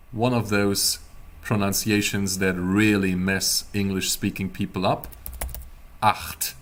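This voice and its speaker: A man teaching a beginner language class, explaining pronunciation slowly in a playful, teasing way. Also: sits low, a little hiss or hum. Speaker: German teacher.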